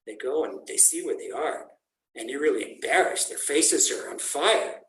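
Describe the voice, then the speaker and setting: A man, a rabbi, teaching a lesson as an animated storytelling sermon and acting out the dialogue. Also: mid-range voice, moderate pace. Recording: echoey room.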